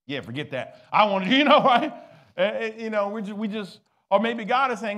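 Male pastor, high voice, call-and-response sermon to a congregation. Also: expressive, fairly quick. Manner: preaching, rising to loud exhortation, calling for responses.

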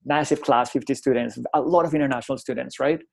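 A man's voice: medium pitch, fast, vocal fry. Middle-aged guy from colombia, spanish is his first language, tells stories and acts out both sides, keeps saying "right?". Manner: animated, acts out dialogue, frequent tag "right?". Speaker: college instructor and guest. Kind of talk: conversational storytelling.

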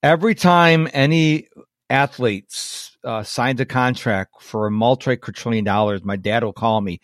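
A man hosting a podcast, telling family stories in a casual, animated way. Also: mid-range voice, moderate pace, dry recording, clean studio sound. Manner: animated storyteller, quotes family members in lively voices. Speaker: podcast host.

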